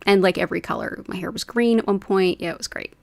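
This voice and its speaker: A woman's voice: medium pitch, fast, vocal fry, a little mellow, dry recording. Host, woman, 40s, rambling casual chat, dry close mic. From United States. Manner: chatty, rambling, says "like" often. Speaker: Reiki livestream host. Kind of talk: casual chat with live viewers.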